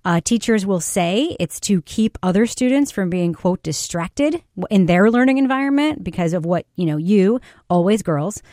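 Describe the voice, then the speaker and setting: A woman's voice: mid-range voice, animated, normal speed, few pauses, dark tone, dry recording, clean studio sound. A woman co-hosting a podcast, speaking bluntly and emphatically in casual chat and swearing as she does. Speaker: podcast co-host, parent.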